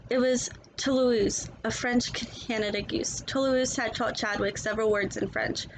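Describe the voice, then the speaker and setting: A woman reading a children's picture book aloud in a gentle, expressive storytelling manner. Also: fairly high pitch, normal speed, slight background noise, low-quality recording.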